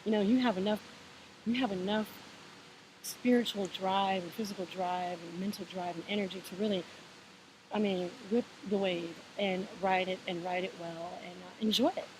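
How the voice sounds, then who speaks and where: A woman at home talks in a loose, unhurried monologue about spiritual balance, full of fillers and self-corrections. Her voice sits at a middling pitch. A clear, constant hiss runs under the whole recording. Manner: relaxed, meandering, encouraging, many fillers and restarts. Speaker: vlogger sharing spiritual advice. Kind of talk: casual reflective monologue.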